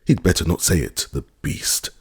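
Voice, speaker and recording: A man reading an insulted country gentleman who mutters curses under his breath. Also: low voice, sing-song, normal speed, vocal fry, breathy edge, heavily acted. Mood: indignant.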